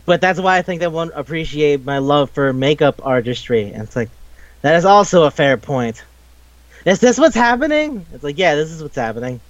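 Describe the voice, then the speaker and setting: A man chatting casually about a video game, rambling and swearing as he acts out the characters' lines in quick bits. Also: on the high side, expressive, dry recording, muffled recording. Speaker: podcast co-host.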